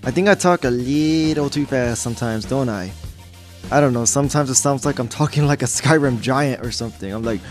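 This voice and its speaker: A man's voice: medium pitch, fairly quick, soft background music. A man giving casual, jokey gameplay commentary as a gaming YouTuber, rambling and easily sidetracked.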